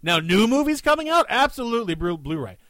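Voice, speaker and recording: A man with a somewhat high voice, chatting as a podcast co-host and often stumbling and repeating words. He sounds close and dry, with no room sound. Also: sing-song, fast, fairly bright tone, dry recording. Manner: hesitant, repeats words, easygoing. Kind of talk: casual chat.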